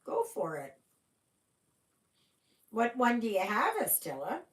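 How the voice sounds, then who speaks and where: Speaking slowly in a somewhat high voice with wildly swooping pitch, a middle-aged woman runs a cross-stitch livestream. Her casual chat with viewers is broken now and then by yawns and trailing sentences, and the room sounds echoey.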